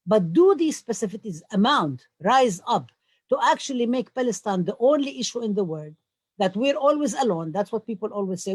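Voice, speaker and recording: A scholar holds the floor on a discussion panel. The voice is husky and close, with no room sound. The delivery stumbles over fillers, then turns firm and emphatic. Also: mid-range voice, a little mellow, no room sound.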